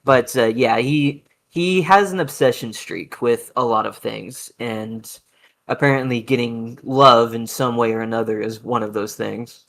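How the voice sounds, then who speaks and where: A man's voice: mid-range voice, fairly even intonation, unhurried, vocal fry, a bit bright. A man being interviewed, telling stories in a hesitant, matter-of-fact way with many fillers and restarts. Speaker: interview guest. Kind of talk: casual interview.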